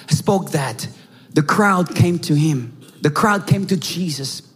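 A man with a Korean accent preaching a dramatic sermon, acting out scenes with shouts and hushed lines. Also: high voice, husky. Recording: reverberant hall with faint music.

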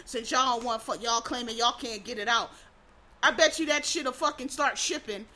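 High, bright-voiced woman on a profane rant. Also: moderate pace. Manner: blunt, heated, swearing constantly; animated, swings between loud outbursts and muttering.

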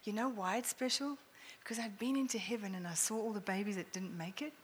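A middle-aged woman tells a personal testimony in a lively storytelling manner. She laughs often and sometimes drops to a hushed near-whisper. Her voice carries a long hall echo over a faint background hiss. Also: medium pitch, quick pace. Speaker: speaker sharing a testimony. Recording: echoey hall with faint noise.

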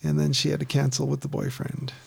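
A man in casual podcast chat, retelling a film scene by scene in a rambling, animated way with lots of fillers. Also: a little high, a little fast, creaky, breathy edge.

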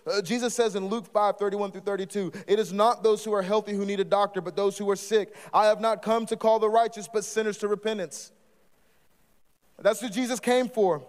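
Passionate high-voiced preacher in a reverberant hall. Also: male voice. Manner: passionate, preacherly, rising into emphatic calls. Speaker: guest preacher. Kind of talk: live sermon. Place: church or student ministry hall. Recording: live in a large reverberant hall.

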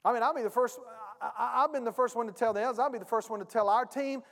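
A man's voice: very high-pitched, quick pace, hardly any pauses, a bit bright. A male pastor preaching a sermon, emphatic and speaking directly to his congregation. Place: church sanctuary. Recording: long reverb of a church hall.

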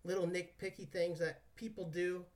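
A man's voice: sits high, flat delivery, moderate pace, a little mellow, recorded from a distance. A man hosting a podcast, talking casually and joking around, swearing now and then. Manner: laid-back, jokey, swears casually. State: out of breath after squats. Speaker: podcast host.

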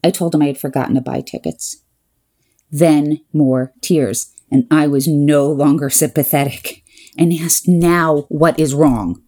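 A woman with a low, mellow voice recounts a comic personal story. Her delivery is wry and deadpan, with exasperated asides. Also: unhurried.

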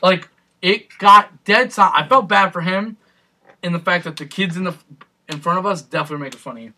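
A man's voice: high-pitched, brisk, slight background noise. A young man in casual chat, telling stories with a lot of swearing and acted-out quotes. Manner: profane, animated storytelling with acted-out quotes.

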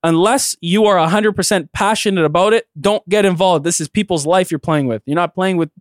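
A man's voice: sits high, brisk, no echo, clean studio sound. A young man from Canada, a magician guest, talking emphatically in a casual interview and repeating phrases for effect.

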